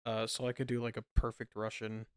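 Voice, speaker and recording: A man's voice: on the low side, fairly quick, clean tone, no room sound, studio quality. A man, a podcast co-host, telling stories in casual chat and laughing often. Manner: animated storytelling, laughs often.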